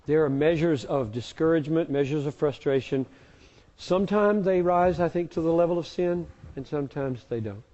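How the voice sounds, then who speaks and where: A man's voice: a little high, normal speed, dark tone, big-room sound, muffled recording. A man answering audience questions as a pastor, speaking emphatically and repeating key words for force. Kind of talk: live Q&A teaching.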